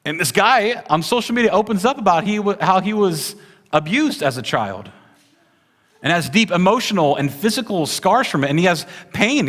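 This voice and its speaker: This male pastor has a high-pitched, fairly bright voice that echoes as in a large space. His sermon is chatty and engaged with the congregation, peppered with frequent "right?" tag questions.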